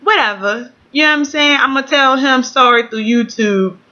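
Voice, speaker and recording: A woman's voice: sits high, normal speed, pushed and bright, dull audio. A woman venting in a casual home vlog, blunt and outspoken, swearing freely. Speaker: vlogger.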